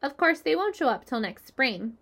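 Charlotte, a woman doing a weak, quiet spider. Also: high voice, very animated, normal speed, creaky, pitched above the performer's own voice, full character voice. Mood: gentle. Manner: soft and quiet. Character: gentle, wise female spider, weak and tired.

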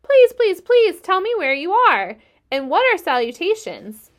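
Lady reading a squeaky eager young pig, loud, begging, storybook. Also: expressive, normal speed. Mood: excited pleading. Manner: loud, pleading, over-eager.

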